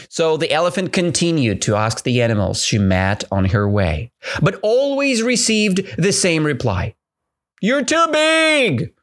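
Man from Russia, podcast English teacher. Slow, highly expressive delivery with constant check-in questions. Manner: retells a story and quizzes listeners with repeated questions. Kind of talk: podcast language lesson.

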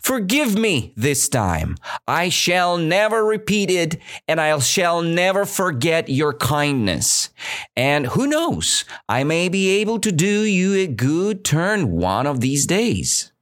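A man's voice: on the high side, sing-song, slow pace, a bit bright, voice pushed up, exaggerated voice. A man voicing a tiny male mouse in a fable, pleading earnestly and politely with a king for mercy.

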